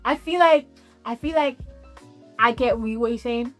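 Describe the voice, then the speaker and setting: A woman from Jamaica chatting casually in a reaction video, excitable and quick to laugh. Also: fairly high pitch, faint music behind. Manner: excitable, laughing, mock-dramatic quoting.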